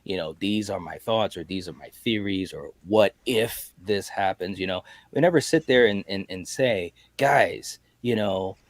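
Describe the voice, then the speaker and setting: A man co-hosting a casual livestream chat, talking in an animated way with stammering restarts. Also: sits low, measured pace, hardly any pauses, dry recording. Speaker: livestream co-host.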